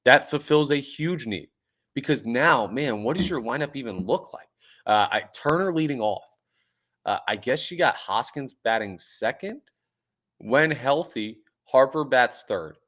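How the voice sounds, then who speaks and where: A man hosting a sports podcast, talking excitedly and emphatically, repeating points for emphasis. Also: mid-range voice, measured pace. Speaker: podcast host.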